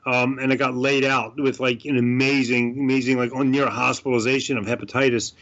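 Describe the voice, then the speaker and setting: A man's voice: medium pitch, little pitch movement, fairly quick, fairly bright tone. Impassioned middle-aged male guest, lo-fi. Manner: impassioned, rambling, many fillers. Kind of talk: casual interview chat.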